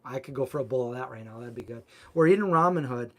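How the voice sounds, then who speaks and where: A man's voice: medium pitch, lively intonation, fast talker. A man hosting a cooking channel, chatting casually on a live stream and answering viewer comments in a rambling way, full of filler words. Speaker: vegan cooking channel host.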